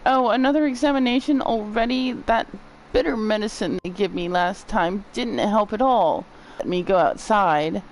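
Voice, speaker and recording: A woman's voice: mid-range voice, normal speed, few pauses, a little hiss or hum, pitched above the performer's own voice, close to an everyday voice, poor audio. A woman voicing a sick young boy with a put-on accent, whining about his medical examinations. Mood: weary. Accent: put-on unnamed accent.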